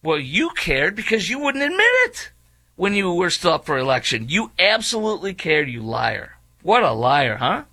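A man's voice: a little high, big pitch swings, moderate pace, sharp tone, breathy edge, dry recording. A man hosting opinionated political commentary, reading quotes aloud and rebutting them with mocking indignation.

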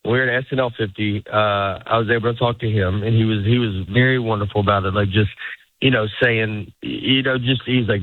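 A man's voice: on the low side, steady tone, a little fast, dry recording. A middle-aged man, a stand-up comedian, chatting casually as an interview guest, rambling and breaking off mid-sentence to act out quotes. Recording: tinny phone-like radio sound.

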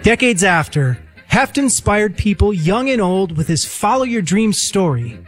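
A man's voice: high voice, very animated, unhurried, faint music behind. A man reading scripted narration for a radio story segment.

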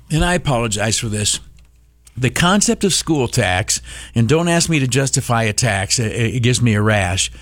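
A man's voice: medium pitch, dry recording, studio quality. A man hosting a call-in talk radio show, frank and opinionated, with many filler sounds. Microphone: studio microphone.

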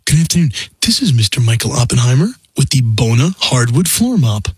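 A man playing a pushy telemarketer who recites a stiff, scripted sales pitch and talks over every reply. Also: big pitch swings, fairly quick, darkish tone, husky, no echo, clean studio sound. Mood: robotic, pushy. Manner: keeps reciting the pitch over the other person. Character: pushy, relentless male telemarketer who ignores replies. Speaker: prank caller. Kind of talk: prank phone call.

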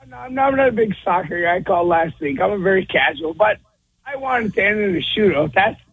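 A man from Minnesota calling into a sports radio show, hoarse after losing his voice, rambling and hesitant. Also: high voice, lively intonation, brisk, dry recording, phone-quality sound. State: hoarse, lost voice. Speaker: radio caller. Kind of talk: call-in talk radio.

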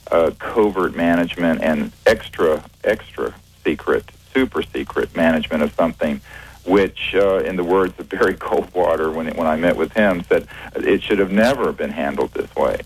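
A very deep-voiced man talks as a guest on a radio interview. He speaks in a measured way, pausing often and restarting his sentences. The sound has the quality of a radio broadcast. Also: breathy edge, no room sound, rough recording. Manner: measured, hesitant, many fillers and restarts. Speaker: guest, researcher.

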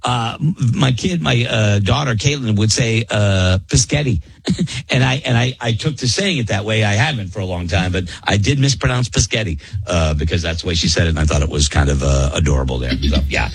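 A man's voice: on the low side, a little fast, creaky. A man hosting a call-in radio show, joking playfully with callers and laughing easily.

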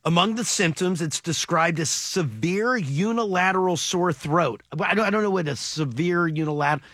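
A man hosting a morning radio show, animated and joking with his co-hosts and callers in a studio. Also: high voice, no room sound. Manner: animated, joking, quick to laugh. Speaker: radio host. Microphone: studio mic.

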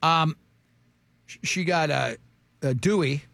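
High gravelly talk-radio host. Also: male voice, slow pace, no echo. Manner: animated, jokey storyteller. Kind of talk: casual studio banter. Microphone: studio mic.

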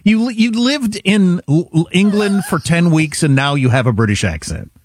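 Wry, husky man co-hosting talk radio. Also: fairly high pitch, animated, normal speed. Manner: wry, sardonic storytelling. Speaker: radio co-host. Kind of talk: casual talk radio banter.

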